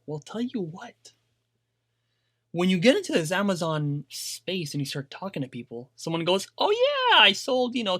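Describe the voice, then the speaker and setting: A man's voice: on the high side, no room sound, clean studio sound. A man talking casually and animatedly to camera, giving business advice and acting out little quotes. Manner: animated, conversational, acts out quotes, many fillers. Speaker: online seller and business coach.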